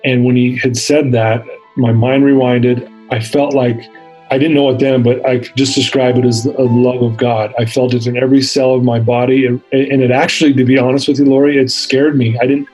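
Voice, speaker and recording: A man's voice: mid-range voice, level tone, fairly quick, a little mellow, slightly rough, faint music behind, rough recording. Male interview guest in his fifties. Earnest storyteller who acts out the quotes. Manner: earnest, vivid retelling with acted-out quotes. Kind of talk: personal storytelling.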